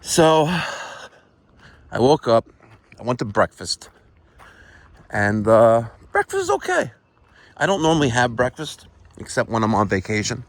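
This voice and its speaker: Touring a resort's pool area outdoors, a middle-aged man vlogs casually in a medium-pitched voice whose pitch swoops wildly. He keeps a measured pace with long pauses, chats to the folks watching, and sometimes whispers; there's no echo.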